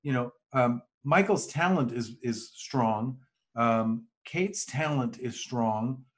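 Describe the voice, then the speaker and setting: A man's voice: medium pitch, slow. A man co-hosting a podcast in casual chat, thinking aloud with hesitant restarts. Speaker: podcast co-host.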